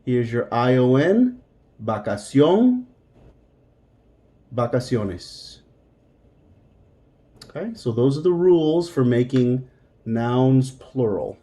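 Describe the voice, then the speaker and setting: Slow, mellow-voiced male Spanish teacher. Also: mid-range voice. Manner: patient, explains step by step, repeats words. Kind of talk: recorded language lesson.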